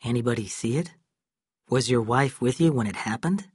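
A man's voice: mid-range voice, moderate pace, slightly rough, no echo, studio quality, close to an everyday voice. A man reading as a stern deputy sheriff. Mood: stern, pressing. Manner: firm, pressing questions.

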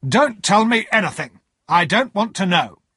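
A man voicing a stern middle-aged male lawyer, clipped and precise, pitched higher than his own husky voice. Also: lively intonation, normal speed, sharp tone, no echo, studio quality, heavily acted. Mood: curt.

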